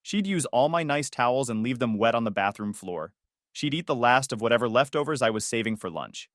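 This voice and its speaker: A man's voice: mid-range voice, lively intonation, a little fast, fairly bright tone, no room sound. Sardonic young man narrating a story. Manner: dry, sardonic. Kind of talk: scripted first-person story narration.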